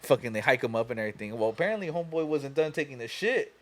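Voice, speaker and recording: A man's voice: medium pitch, lively intonation, racing, fairly bright tone. A young man hosting a podcast, telling a long story casually, profane and laughing as he goes. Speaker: podcast host.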